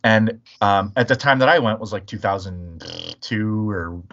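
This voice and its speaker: A man's voice: on the low side, unhurried, a bit bright. Profane storytelling man, lo-fi sound. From Chicago area. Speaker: podcast host. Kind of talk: casual chat.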